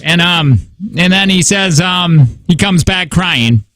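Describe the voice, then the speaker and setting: Radio co-host, young man, animated storyteller, high and lively voice. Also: slow, a little hiss or hum. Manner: animated storytelling, acting out his kids and neighbors in raised voices. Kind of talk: casual morning radio banter. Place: radio studio. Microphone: studio microphone.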